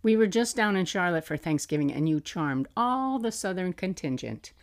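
Low-voiced mother reading her journal. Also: lively intonation, moderate pace. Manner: fond, motherly reading with soft laughs. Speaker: podcast host. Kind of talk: reading aloud from a family journal.

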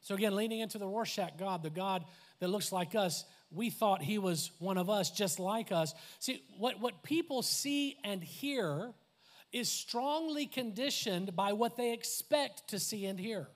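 A man preaching a conversational sermon as a pastor, animated, with laughs, asides and acted-out quotes. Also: sits high, measured pace. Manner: acts out quoted voices.

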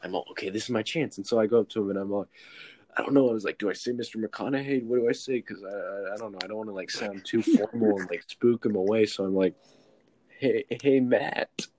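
A man's voice: lowish voice, quick pace, a little mellow, no echo. A young man from Texas, telling a self-mocking story in casual chat and acting out the quotes.

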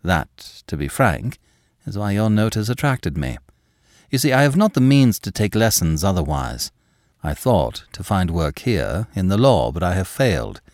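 A quick-witted young man, once a lawyer, pleads his case earnestly and with self-assurance, as a male reader puts him on. The voice is low and deep, with lively pitch movement, in a dry, close recording. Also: dry recording.

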